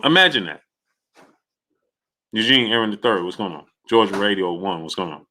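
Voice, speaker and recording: Bright-voiced male stream host. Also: fairly low pitch, normal speed, pauses often. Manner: animated, greets viewers by name. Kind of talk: casual live-stream commentary.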